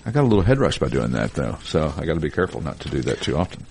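A man's voice: rumbling low, very animated, very fast, vocal fry, darkish tone, a little hiss or hum. A man in his fifties with grandkids, hosting a casual car dealership talk show, rambling and joking and laughing at his own gags.

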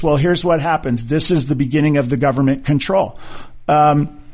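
A middle-aged man talks in a loose, conversational way, making a case with rhetorical questions. His voice sits a little higher than most men's. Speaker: orthopedic surgeon. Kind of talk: casual monologue.

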